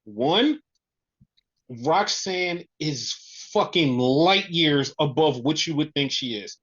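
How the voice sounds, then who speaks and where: A man co-hosting a casual wrestling review podcast, telling the story excitedly, with lots of swearing and repetition. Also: on the high side, slow pace, breathy edge, dull audio. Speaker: podcast co-host.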